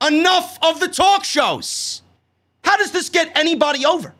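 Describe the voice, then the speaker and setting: A man with a New York accent reviewing a wrestling show in a loud, sarcastic, profane rant that breaks into shouts. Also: extremely high pitch, big pitch swings, normal speed. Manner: loud, sarcastic, swears a lot, shouts often.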